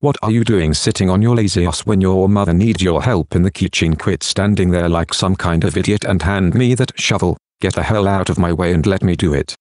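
A man's voice: deep voice, fairly quick, hardly any pauses, a little mellow, dry recording, clean studio sound, natural voice. A man voicing an angry, violent stepfather who swears and threatens in harsh bursts. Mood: angry threatening. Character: angry violent male stepfather, bullying and crude.

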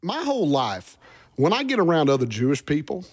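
A middle-aged man from Oklahoma, a musician guest on a podcast, speaking emphatically and deliberately. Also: a little high, wildly swooping pitch. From Oklahoma, USA. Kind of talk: podcast interview.

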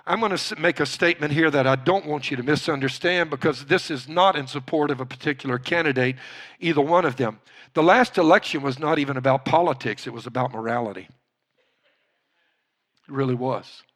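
A male pastor preaching a sermon, slowing down to stress key points and building up to shouting. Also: fairly high pitch. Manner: emphatic, builds from quiet to shouting; slows down to stress key words.

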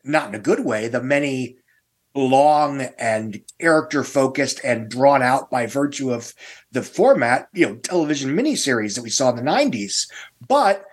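Male podcast guest, husky and wry, measured film talk. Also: mid-range voice, animated. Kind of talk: casual film discussion.

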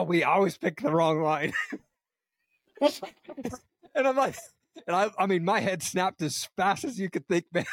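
A man's voice: a little high, no room sound, studio quality. A man in his thirties hosting a podcast over a video call, chatting casually, laughing often and calling his guest "dude". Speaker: podcast host. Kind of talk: casual chat.

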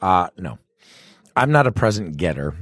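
A man's voice: low-pitched, big pitch swings, moderate pace, a bit bright, slightly rough, dry recording. A man co-hosting a casual podcast, talking bluntly with lots of swearing and chewing snacks near the microphone. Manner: blunt and profane, chewing snacks close to the mic. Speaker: podcast co-host, bartender. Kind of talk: casual chat. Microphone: studio microphone.

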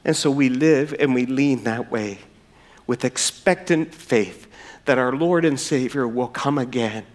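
Unhurried and medium in pitch, this middle-aged man preaches a sermon as a church pastor. He earnestly narrates a personal story, addresses everyone as friends, and concludes with a prayer.

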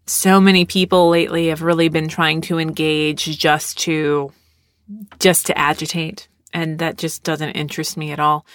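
A woman's voice: sits low, a bit bright, no room sound, studio quality. Rambling sarcastic woman podcast host. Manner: rambling, sarcastic, many fillers. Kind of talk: casual solo podcast talk.

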